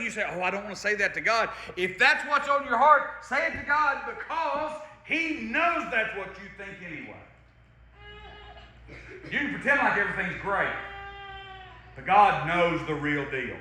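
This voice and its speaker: A man preaching a sermon as pastor, talking conversationally with big swings from loud to soft. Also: expressive, a little slow, very echoey. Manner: conversational preaching with wide swings in loudness and pitch. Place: church sanctuary.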